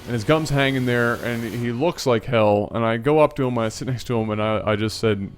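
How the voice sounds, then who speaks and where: A man casually telling a long story to his viewers, animated and rambling. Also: mid-range voice, a little fast, slight background noise. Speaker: storytelling video host.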